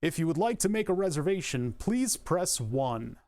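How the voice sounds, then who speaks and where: A man doing a robotic phone operator. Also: a little high. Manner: robotic, carefully pronounced, slow and even. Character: stiff automated phone operator, male.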